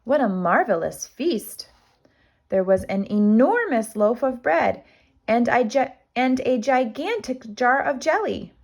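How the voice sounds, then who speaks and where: A woman, a kindergarten teacher, reading a storybook aloud to children with expressive storytelling. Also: on the high side, a little slow.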